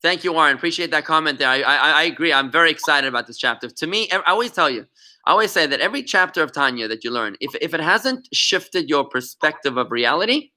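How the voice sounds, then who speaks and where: Sharp, bright-voiced rabbi teaching online. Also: male voice, fairly high pitch, fast. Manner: animated, lively storyteller who often repeats words. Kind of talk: interactive online lesson.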